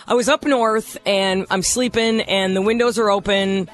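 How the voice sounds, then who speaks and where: Brief: high-pitched, bright man, animated storyteller who laughs a lot. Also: normal speed. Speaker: radio show co-host. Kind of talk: casual chat.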